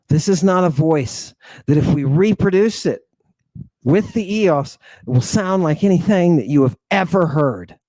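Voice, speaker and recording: A man's voice: mid-range voice, a little mellow, dry recording. A man giving an impassioned lecture on ancient texts. He talks emphatically, repeats his phrases and keeps checking with "right?".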